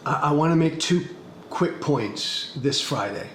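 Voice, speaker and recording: A man's voice: fairly high pitch, expressive, measured pace. A man hosting a political commentary podcast, speaking in an emphatic monologue that hammers the same points again and again, with blunt profanity. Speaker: podcast host. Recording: echoey room with faint background noise.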